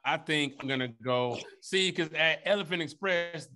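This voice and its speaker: A man's voice: a little high, moderate pace, few pauses, sharp tone. A man co-hosting a casual podcast debate, joking and riffing with profanity. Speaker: podcast co-host. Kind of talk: casual comedic debate chat.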